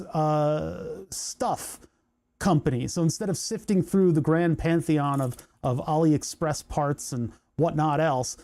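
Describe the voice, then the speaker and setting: Man hosting his own hobby channel, casual workbench talk that wanders with dry sarcastic asides; mellow tone, sits a little high. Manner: rambling, sarcastic asides, lots of restarts. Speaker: electronics hobby channel host. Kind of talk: casual workbench chat to camera.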